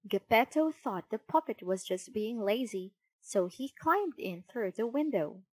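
A woman narrating a children's storybook in an expressive, unhurried way. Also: on the high side.

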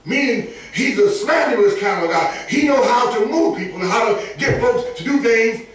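A man preaching a sermon, emphatic and animated, often rising into shouts and chuckling between points. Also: very high voice, normal speed. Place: church sanctuary. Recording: echoey church from far off.

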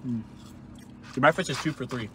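A man's voice: mid-range voice, moderate pace, sharp tone, slight background noise. A young man co-hosting a casual food review while eating inside a parked car, blunt and teasing. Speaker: podcast co-host doing a food review.

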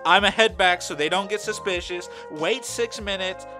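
A man's voice: high voice, normal speed, over music, lightly acted. A man voicing a scheming young female reality-show contestant in a mocking, smug tone. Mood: smug teasing.

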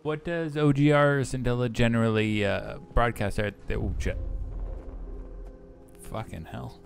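A man's voice: medium pitch, fairly even intonation, a little slow, gravelly, faint music behind. A young man casually commenting on his gameplay in a rambling, profane, joking way. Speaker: gaming streamer.

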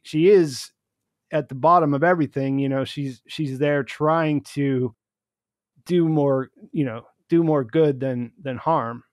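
A man's voice: on the high side, darkish tone, dry recording, clean studio sound. A man hosting a casual discussion, rambling, with many restarts and fillers. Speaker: host.

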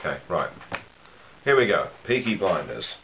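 A man with a lowish voice delivers a sardonic comedic vlog monologue. He keeps a dry, wry tone throughout. The room is echoey, with a faint hum of ambience behind him. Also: very animated, moderate pace, creaky, a bit bright. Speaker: vlogger.

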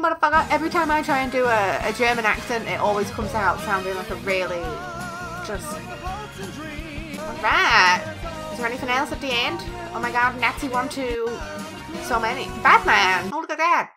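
A woman hosting a reaction video, chatting casually, giggling often and swearing freely, sounding a little stuffed up. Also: a little high. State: feels congested, ears popped.

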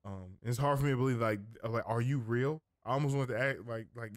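A man's voice: mid-range voice, fairly quick, hardly any pauses, no room sound, clean studio sound. A man giving casual gameplay commentary as a streamer, thinking aloud, rambling and often correcting himself mid-sentence.

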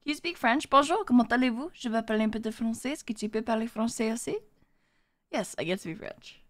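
A woman's voice: fairly high pitch, quick pace. A woman streamer chatting with her viewers, bubbly as she reads and thanks the chat.

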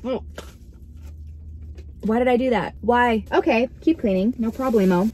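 A woman's voice: a little high, moderate pace, warm tone. Giggly young woman rambling in her car. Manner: giggly, rambling, easily startled. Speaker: vlogger. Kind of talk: casual vlog chat. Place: inside a parked car.

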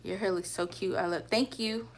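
A woman's voice: mid-range voice, steady tone, normal speed, slight background noise. A young woman with a Southern accent from the Carolinas, chatting casually at home on a livestream and reading out viewer comments. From North Carolina or South Carolina, US. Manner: chatty, loose, trails off with fillers. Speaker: hair vlogger reading live comments. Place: at home, indoors.

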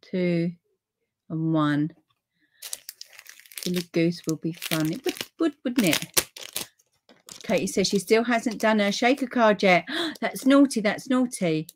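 A middle-aged woman with a British accent hosting a relaxed live papercraft stream, chatting to viewers and easily delighted. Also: lowish voice, slow pace, pauses often, a little hiss or hum. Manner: chatty and easily delighted, with frequent gasps and laughs.

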